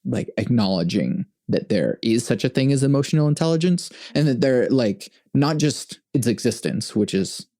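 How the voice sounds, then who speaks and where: A man hosting a podcast, talking through his thoughts in a casual, halting way and laughing often. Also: medium pitch, expressive, warm tone, no room sound, studio quality. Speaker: podcast host. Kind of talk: casual conversation.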